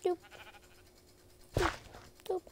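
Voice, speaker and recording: A woman's voice: drawn-out words, slight background noise. A woman casually commenting to herself while playing a building game, playful and silly, recorded on a phone. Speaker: gameplay video creator.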